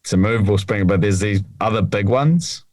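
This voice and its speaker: A man's voice: on the low side, lively intonation, brisk, darkish tone, no room sound. A man co-hosting a casual podcast, rambling and hesitant, often trailing off mid-thought. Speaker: podcast co-host.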